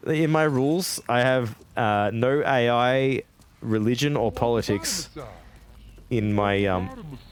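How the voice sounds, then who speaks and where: A little background noise sits behind this Australian man's medium-pitched voice as he streams a game. He chats casually with viewers, rambling, laughing often, and swearing without restraint.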